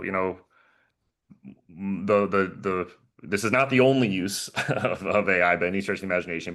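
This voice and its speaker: A man on a video call panel explaining a tool in a casual, halting way, often repeating words and chuckling. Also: deep voice, a bit bright. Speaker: panelist and professor.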